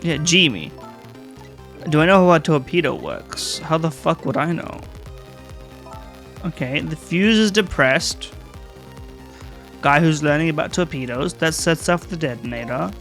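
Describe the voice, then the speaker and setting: A man's voice: a little high, very animated, unhurried, pauses often, fairly bright tone, soft background music. A man casually commenting while playing a video game, reading the game's text aloud and swearing offhandedly.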